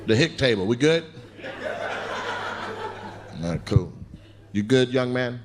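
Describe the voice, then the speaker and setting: A man's voice: medium pitch, lively intonation, slow. A man doing stand-up crowd work on a club stage, brashly and profanely teasing audience members into a handheld mic. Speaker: stand-up comedian. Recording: noisy live club recording.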